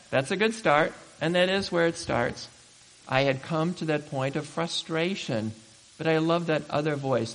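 A man preaching a sermon as pastor, emphatic and building to loud exhortation. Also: mid-range voice. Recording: reverberant hall.

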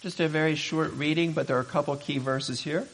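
A man preaching a sermon as pastor, emphatic and building to loud exhortation. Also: fairly high pitch, fairly even intonation, fairly quick. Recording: reverberant hall.

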